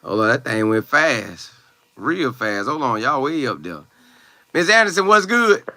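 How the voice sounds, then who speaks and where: A man's voice: mid-range voice, sing-song, a little slow, pushed and bright, dry recording. Young man chatting loosely on a livestream. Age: young adult. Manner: loose, slangy, chatty, with exclamations. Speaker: college football player livestreaming. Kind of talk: casual live chat, reading viewer comments aloud.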